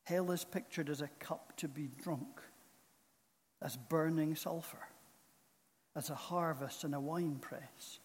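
A man preaching a sermon in a church, speaking in a slow, solemn and earnest way. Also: on the high side, darkish tone. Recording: long reverb of a large hall.

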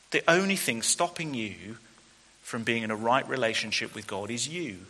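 A man's voice: medium pitch, pushed and bright. Earnest male preacher in a reverberant hall. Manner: earnest, asks rhetorical questions. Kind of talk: sermon.

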